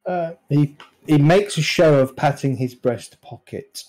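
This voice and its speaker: A man narrating as game master of a tabletop game over an online call, describing scenes at an unhurried pace. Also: fairly high pitch, a little mellow, poor audio.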